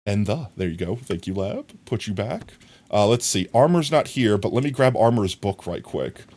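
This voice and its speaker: A man's voice: fairly low pitch, moderate pace. A man, a streamer casually telling a rambling story to his chat and acting out other people's lines. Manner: rambling, animated, acts out voices in quotes.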